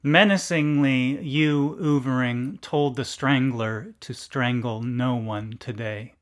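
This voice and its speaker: A man reading a literary story aloud in a deliberate, deadpan narration. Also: medium pitch.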